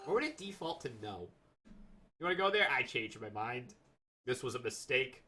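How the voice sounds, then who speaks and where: Male gamer, joking and sarcastic, voice jumps around, slightly distant mic, loud game music behind. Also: moderate pace. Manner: sarcastic, joking, lively pitch swings. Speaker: streamer playing a game. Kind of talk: casual let's-play commentary.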